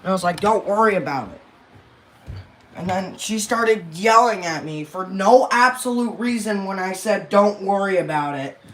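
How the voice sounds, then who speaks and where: A man's voice: high-pitched, moderate pace, a bit bright, slight background noise. A young man vlogging casually at home, rambling and getting worked up as he complains. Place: bedroom at home.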